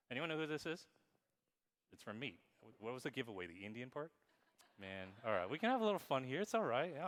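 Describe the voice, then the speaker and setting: A man giving a lively conference keynote on marketing, playful and quizzing the crowd, reading examples aloud in exaggerated voices. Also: medium pitch. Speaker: keynote speaker. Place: conference hall with audience. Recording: long hall reverb.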